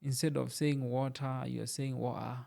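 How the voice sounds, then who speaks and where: A young man from Kenya with a gravelly, fry-heavy voice hosts a podcast. He talks conversationally and pushes back on his guest, filling his sentences with "you know" in a casual studio debate. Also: mid-range voice, flat delivery, normal speed, heavy background noise. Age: young adult. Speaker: podcast host.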